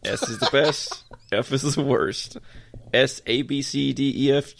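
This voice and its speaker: A man's voice: mid-range voice, steady tone, a little slow, creaky, a bit bright. A young man co-hosting a casual podcast chat, laughing often as he leads a ranking game. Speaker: podcast co-host.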